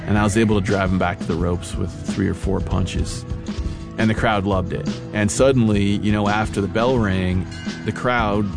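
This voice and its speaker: Low gravelly man telling a story. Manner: relaxed first-person storytelling with casual fillers. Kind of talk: personal storytelling over music. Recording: guitar music behind voice.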